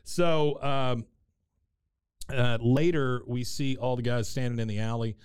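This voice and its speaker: Host, male, smooth clear voice, easygoing recap, lots of "uh"s. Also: medium pitch, fairly even intonation, unhurried, a little mellow, dry recording. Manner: meandering, filler-heavy storytelling. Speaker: podcast host. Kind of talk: casual episode recap chat.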